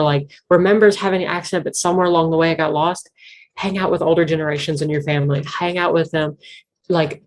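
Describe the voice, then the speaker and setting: Low-voiced Appalachian woman rambling earnestly. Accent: Southwest Virginia Appalachian. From Southwest Virginia. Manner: rambling, earnest, heavy use of "like" fillers. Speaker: interview guest, banjo musician. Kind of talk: casual conversational interview.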